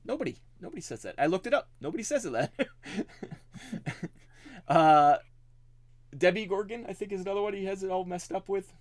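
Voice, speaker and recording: A man's voice: sits high, animated, a little fast. A man co-hosting a podcast, chatting casually and laughing often. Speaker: podcast co-host. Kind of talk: casual chat.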